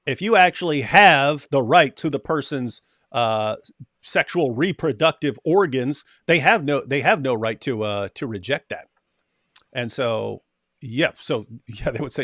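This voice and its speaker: A man's voice: mid-range voice, measured pace, no room sound, clean studio sound. A man co-hosting a casual panel discussion, talking animatedly and stumbling over restarts. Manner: animated, acts out quoted voices, frequent restarts. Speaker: co-host.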